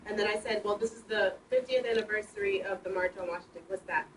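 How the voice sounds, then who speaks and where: A woman in her twenties, a high school teacher, speaking earnestly and with emotion from the audience. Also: fast talker. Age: 20s. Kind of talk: audience comment at panel. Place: community bookstore room. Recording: echoey room, distant mic, noticeable noise.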